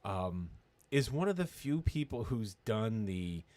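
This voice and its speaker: A man co-hosting a podcast, talking casually in a blunt, excitable way with lots of swearing. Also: lowish voice, measured pace. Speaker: podcast co-host, actor. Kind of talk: casual chat.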